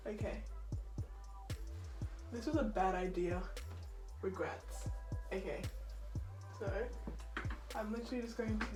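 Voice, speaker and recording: A bubbly woman talks casually to her camera about books, laughing often between sentences. Her voice sits a little high. Faint music plays in the background. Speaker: book vlogger.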